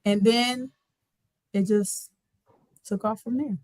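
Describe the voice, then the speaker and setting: A young woman, a basketball coach, telling her story in a casual, colloquial way during an interview, animated and laughing often. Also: medium pitch, slow, dry recording. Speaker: guest, head basketball coach.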